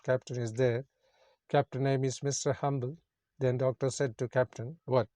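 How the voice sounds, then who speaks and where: A male English teacher works through a story, reading a passage and then explaining its words. He speaks simple, non-native English at an everyday pitch and repeats each meaning. The sound is dry and close. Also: flat delivery, normal speed, dark tone, dry recording.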